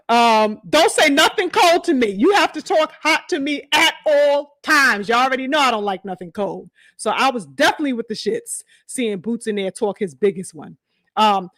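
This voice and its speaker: Female host, high lively voice, slangy casual boxing talk, dry close sound. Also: dry recording. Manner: animated, slangy, mimics fighters' quotes, laughs often. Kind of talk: casual chat.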